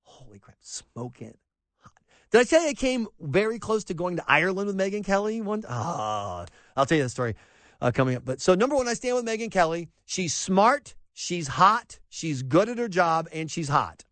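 A man hosting a talk radio show, delivering an opinionated monologue with a sarcastic, animated edge. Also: high voice, normal speed, dry recording. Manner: sarcastic, animated, mocks quotes in put-on voices.

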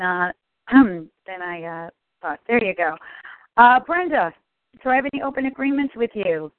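A woman's voice: mid-range voice, expressive, normal speed, no room sound. A woman on a group call reciting affirmations and sharing a joke, earnest, with some hesitant restarts. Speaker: call participant. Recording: dry tinny phone line.

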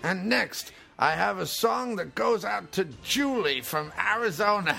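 A man's voice: high-pitched, animated, measured pace, gravelly, sharp tone, soft background music. A man co-hosting a casual movie commentary podcast, joking around. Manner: jokey, puts on silly voices. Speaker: podcast co-host.

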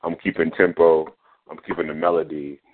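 A man's voice: extremely low pitch, flat delivery, a little fast. A man hosting a radio show, chatting casually about poetry and often asking "you know what I'm saying". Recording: phone-like radio audio.

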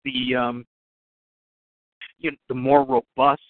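Male radio host with hiccups, mid-pitched, halting questions over a thin phone line. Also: fairly even intonation, no room sound. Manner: meandering, hesitant questions full of fillers. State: has the hiccups. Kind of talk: casual interview questions. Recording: dry, tinny phone line.

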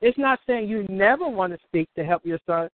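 A woman's voice: mid-range voice, lively intonation, fairly quick. A woman hosting a call-in show, giving casual advice, often restarting and acting out little dialogues. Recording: tinny phone line.

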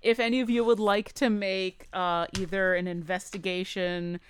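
A woman narrating a tabletop game as game master, describing scenes in a relaxed way with hesitant fillers. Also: mid-range voice, normal speed, smooth.

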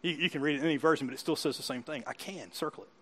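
A man preaching from the pulpit in a high voice, asking his listeners question after question. He builds to loud, emphatic peaks, then drops into quiet, soft asides. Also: fairly even intonation, rapid-fire. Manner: asks the listeners questions again and again. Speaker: pastor. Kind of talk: sermon.

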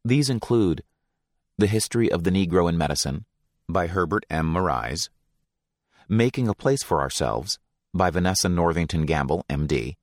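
A man reading passages from a book aloud in a measured, deliberate way, giving weight to titles and names. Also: deep voice, no echo, clean studio sound.

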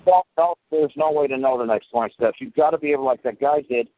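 A man's voice: medium pitch, fast talker. A man in his fifties giving advice on a casual phone call, blunt, profane and emphatic. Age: 50s. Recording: tinny phone line with faint hiss.

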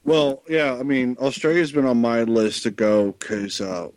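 A man's voice: mid-range voice, steady tone, unhurried, a little mellow, no room sound. A man co-hosting a podcast, joking and bragging playfully in casual banter.

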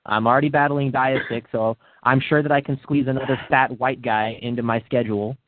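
A man's voice: mid-range voice, fairly even intonation, fairly quick, dry recording. A man trading taunting, cutting insults in casual banter. The sound is completely dry. It is squeezed into a thin, phone-like band. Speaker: battle rapper. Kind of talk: podcast banter. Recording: dry, tinny line.

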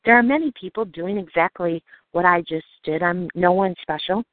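A woman's voice: on the low side, dry recording. Earnest woman preaching over a phone-like line. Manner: earnest, measured, slowing to read scripture. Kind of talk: evening devotional sermon with personal stories. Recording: dry, phone-like narrow sound.

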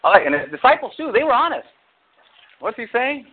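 A male pastor preaching an animated sermon, acting out quotes with big jumps in his voice. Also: sits high, fast talker. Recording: tinny phone-like audio.

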